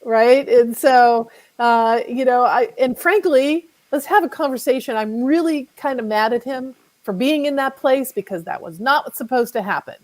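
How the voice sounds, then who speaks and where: A woman's voice: a little high, moderate pace, darkish tone, low-quality recording. Candid middle-aged woman guest. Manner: candid, wry with light laughs. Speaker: guest author. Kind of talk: casual conversational interview.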